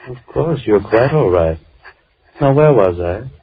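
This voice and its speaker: An actor playing a soft-spoken, coldly polite madman in a 1950s radio drama. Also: on the low side, a little slow. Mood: softly menacing. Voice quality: calm, gentle, coldly polite. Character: soft-spoken menacing madman, middle-aged. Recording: tinny old radio broadcast with faint hiss.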